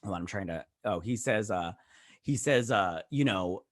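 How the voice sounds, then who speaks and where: A man's voice: fairly low pitch, lively intonation, moderate pace, no echo. Rambling male review vlogger, dry sound. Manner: rambling recap, often acting out characters' lines; frequent restarts and "he's all like". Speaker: show host reviewing a TV episode. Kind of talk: casual review vlog.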